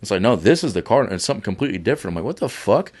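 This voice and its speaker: A man with a very low voice, guesting on a podcast. He talks in a laid-back, profane way and tells his story casually among friends. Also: animated, rapid-fire, a little mellow.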